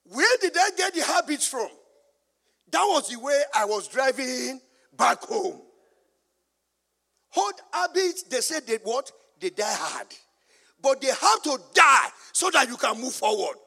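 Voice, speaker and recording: Nigerian pastor, very high pitch, sermon with call-and-response and humor, big reverberant hall. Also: male voice, sing-song, unhurried, creaky, bright, forceful tone, husky. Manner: call-and-response preaching, asking the congregation to finish his lines; storytelling with humor.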